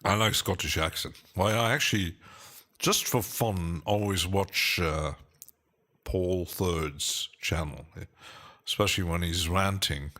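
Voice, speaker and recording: A man with a low voice hosts a relaxed live stream. He talks very slowly, with many pauses and fillers, and chuckles now and then as he answers chat.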